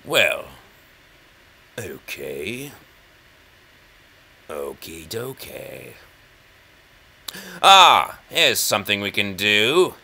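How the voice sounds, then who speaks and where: A man's voice: on the low side, big pitch swings, extremely slow, pauses often, sharp tone, slightly rough. A man with an English accent, rambling and mocking himself as he comments on his own chess game. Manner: rambling, self-mocking, talks to himself and the opponent. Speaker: chess channel host.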